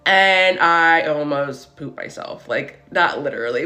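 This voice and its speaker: A woman in her forties hosting a casual spiritual live stream. She chats excitedly, tells stories and greets viewers as she goes. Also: low voice, normal speed, few pauses. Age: 40s. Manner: chatty, greets and thanks viewers as she talks.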